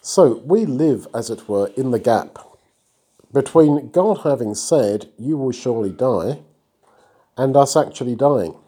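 This Bible teacher's mid-range male voice is expressive, mellow, and husky, and he takes his time. In a relaxed, conversational way he reads and unpacks a passage, stopping once to praise someone listening.

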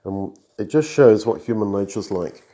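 A man delivers a sermon at a measured pace, reading scripture aloud and then explaining it earnestly. His voice sits a little low and sounds dark and mellow. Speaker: preacher.

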